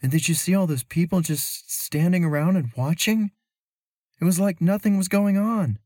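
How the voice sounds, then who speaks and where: A woman's voice: lowish voice, normal speed, dark tone, no echo, studio quality, voice pushed up, lightly acted. A man voicing an anxious young woman traveler in a storybook reading, worried and full of questions, his voice raised well above his own.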